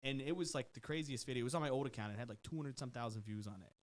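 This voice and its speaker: A personal trainer appearing as a guest in a podcast studio tells a long story in a casual, profane way, often mimicking the people in it. His voice is medium-pitched and he talks very fast.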